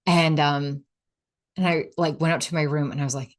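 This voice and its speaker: Her voice sits low and holds a steady tone as this podcast host talks at a moderate pace on her solo show. Casual and reflective, she leans on "like" often and performs quoted inner voices.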